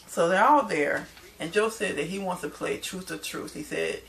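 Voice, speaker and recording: A woman's voice: lowish voice, moderate pace, creaky, fairly bright tone. A woman casually recapping a TV episode to her viewers, chatty and loose, calling them y'all. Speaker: TV show recapper.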